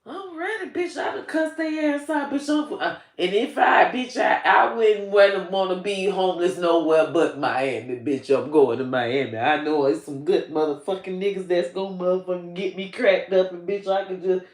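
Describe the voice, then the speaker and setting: A woman comedian giving a tearful, emotional personal monologue, swinging from hushed to loud with heavy cursing. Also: on the low side, normal speed, hardly any pauses, echoey room. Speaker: comedian and social media creator.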